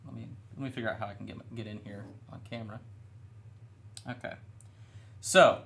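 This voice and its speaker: A man's voice: lowish voice, moderate pace, gravelly. A young man chatting casually and rambling a little while he paints miniatures on a live stream. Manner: relaxed, rambling, self-deprecating. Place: studio room.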